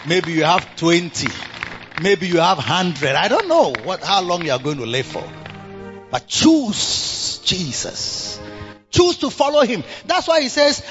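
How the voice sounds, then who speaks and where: A man's voice: sits high, huge pitch swings, a little slow, a bit bright. A man, preaching a sermon with sing-song calls and exclamations. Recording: dull lo-fi recording with faint music.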